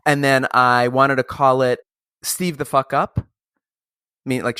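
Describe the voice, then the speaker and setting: A male podcast host telling a funny story in casual chat, animated, swearing freely and laughing along. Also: mid-range voice, slow, clean tone, no room sound, studio quality.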